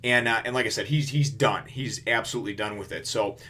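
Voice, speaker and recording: Rambling man with a low, bright voice. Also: brisk, slight background noise. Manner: rambling, excitable retelling full of "you know". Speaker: manga chapter reviewer. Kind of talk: casual recap and commentary.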